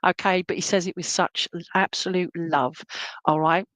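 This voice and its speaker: A chatty woman medium with a fairly low voice gives a reading during an online spiritualist service. Her delivery is homely and reassuring, and she keeps checking in with her listeners. The sound is close and dry. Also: steady tone, moderate pace, fairly bright tone, no room sound. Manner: chatty and reassuring, checks in with "okay?" and "all right?"; relays spirit messages in a homely, colloquial way.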